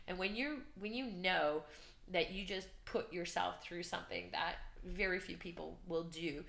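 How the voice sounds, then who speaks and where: A woman guest telling her story in an interview, animated and earnest, acting out shouts and her own inner voice. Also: on the low side, normal speed, gravelly, reverberant. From Canada. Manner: emotional, earnest. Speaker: podcast guest, business coach.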